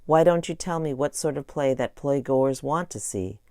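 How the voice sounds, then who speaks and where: Cynical male theater manager, sarcastic, mid-pitched, read by a man, warm tone. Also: normal speed, dry recording, clean studio sound, natural voice. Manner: sarcastic, challenging questions.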